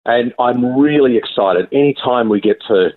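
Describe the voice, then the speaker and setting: A man calling in to a radio show as the station's chief executive, talking with dry, deadpan humor. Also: mid-range voice, moderate pace. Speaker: CEO calling in. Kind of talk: phone-in radio chat. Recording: tinny phone line.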